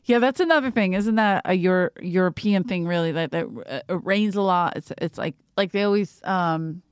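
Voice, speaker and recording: A woman hosting a podcast in casual chat, telling profane, animated stories and acting out what people said. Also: lowish voice, moderate pace, clear, resonant tone, dry recording, clean studio sound. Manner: profane, animated storytelling with acted-out quotes. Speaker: podcast host.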